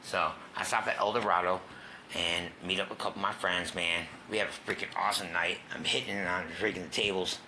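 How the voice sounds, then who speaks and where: In a low, bright, forceful voice with fairly even intonation, a man talks a little quickly over slight background noise. As a guest, he shares his recovery story candidly, with a casual, profane manner and whispers at tense points.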